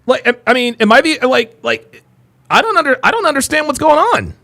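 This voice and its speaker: A man's voice: extremely high pitch, very animated, a little fast, creaky, bright, forceful tone. A man hosting a live show, commenting on a video with incredulous, rambling remarks and swearing. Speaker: host reacting to a video.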